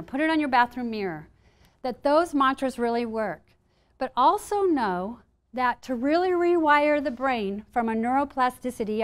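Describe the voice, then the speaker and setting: A woman speaker giving a live presentation on stress resilience to a room of listeners, playful and lively, acting out inner voices. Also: a little high, clean tone.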